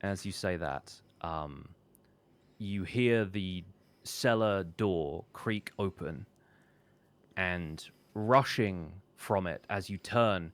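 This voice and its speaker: A man's voice: deep voice, fairly bright tone, smooth. A man narrating a tabletop role-playing game as dungeon master, casual and filled with ums and restarts.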